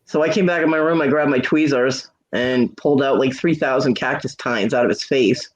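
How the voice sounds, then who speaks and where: A man's voice: mid-range voice, normal speed. A man hosting a casual livestream chat, telling stories candidly and swearing freely. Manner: candid, swears freely, acts out quoted lines. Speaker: livestream host. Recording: dull lo-fi stream audio.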